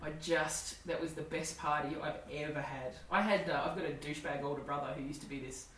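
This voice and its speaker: A low-pitched Australian woman in her forties talks fast and candidly, laughing through her stories. She sounds a little distant from the mic in an echoey room. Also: steady tone, fairly bright tone, a little hiss or hum. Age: 40s. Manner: candid, swearing, laughing storyteller. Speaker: comedian guest. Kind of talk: casual storytelling chat.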